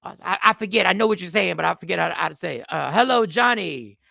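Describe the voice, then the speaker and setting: Man, livestream host, high voice, close dry sound, animated casual chat. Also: quick pace, gravelly, no echo. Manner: animated, repetitive, addresses viewers by name.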